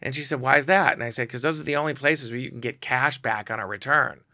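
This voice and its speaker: Speaking fast at a medium pitch, this middle-aged man is a guest storyteller and celebrity photographer sharing casual stories. He acts out the quoted voices with lots of animation, and the audio is studio quality with no echo.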